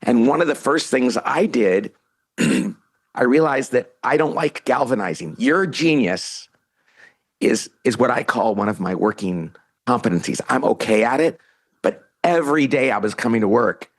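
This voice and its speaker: A man's voice: medium pitch, animated, unhurried. A middle-aged man, a guest on a podcast, telling a story in a casual interview and acting out the lines he quotes. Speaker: podcast guest, author and CEO.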